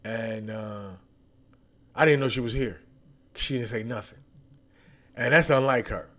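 A podcast host tells stories in a loose, teasing, candid monologue, with a slight lisp from his braces. His voice is mid-range and a bit bright, and he speaks a little slowly.

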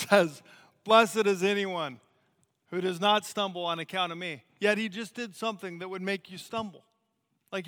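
Animated American man preaching in a hall. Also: high voice. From United States. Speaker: missionary preacher. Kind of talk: sermon.

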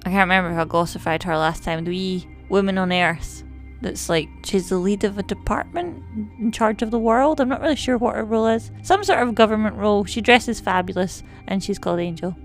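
A woman's voice: medium pitch, fairly quick, faint music behind. A woman, co-hosting a casual podcast chat about a TV series in a playful, teasing way. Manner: playful, teasing, laughs often. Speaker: podcast co-host.

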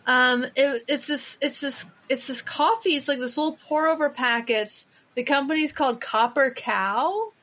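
A woman's voice: high-pitched, moderate pace, hardly any pauses, a bit bright. A woman hosting a podcast, chatting casually and enthusiastically, with lots of filler words. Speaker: podcast host. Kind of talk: casual chat.

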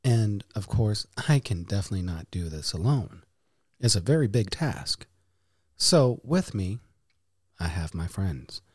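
A man's voice: lowish voice, lively intonation, measured pace, breathy edge, dry recording, studio quality. A man hosting a casual podcast, playful, with hammy announcer-style flourishes. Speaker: podcast host.

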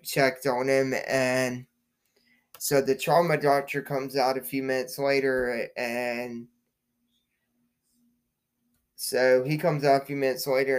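A man's voice: medium pitch, clean tone. A man hosting his own podcast, rambling along with many fillers and repeated words. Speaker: podcast host. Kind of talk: casual monologue podcast.

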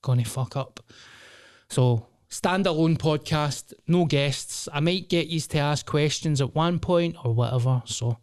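A man's voice: a little high, a little slow, few pauses, a little mellow, smooth, no room sound, clean studio sound. A Glaswegian man in his thirties hosting a solo podcast, rambling and swearing in a jokey, casual way. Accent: Scottish, Glasgow. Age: 30s. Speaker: podcast host.

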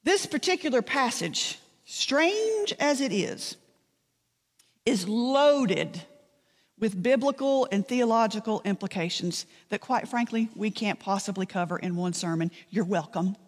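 A woman's voice: on the high side, expressive, a little slow, big-room sound. A woman pastor, preaching a sermon in a conversational storytelling way, with dry asides.

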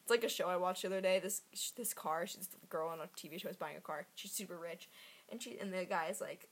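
A woman's voice: on the low side, fast, slightly rough. A young woman co-hosting a podcast, chatting casually and rambling through stories with lots of giggles. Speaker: podcast co-host. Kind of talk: casual chat.

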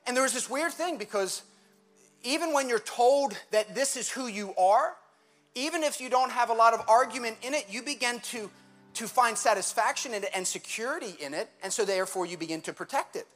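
A male pastor giving a conversational, animated sermon in a church, with quick asides and laughter. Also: very high-pitched, faint music behind.

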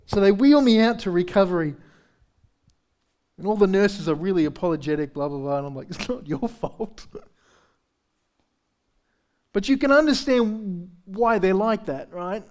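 A pastor preaching a sermon in a candid, conversational way, with self-deprecating humor and frequent rhetorical questions to the congregation. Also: male voice, high voice, lively intonation, normal speed, long pauses, a little mellow. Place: church service.

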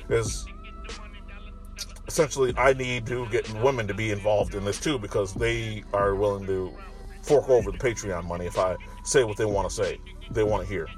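Profane rambling man talking in a parked car. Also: mid-range voice. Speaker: commentary vlogger. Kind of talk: casual monologue. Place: parking garage with construction nearby.

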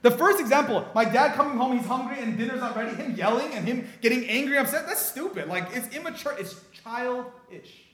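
A man preaching a sermon, telling stories in an animated way and often restarting his sentences. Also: very high voice, brisk, hardly any pauses. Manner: animated storytelling with frequent restarts.

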